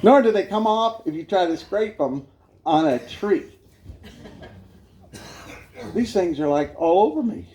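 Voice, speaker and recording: Lively high-voiced man telling a funny story. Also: measured pace, long pauses. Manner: animated storyteller, laughing often. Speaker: guest speaker giving his testimony. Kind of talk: humorous life-story testimony.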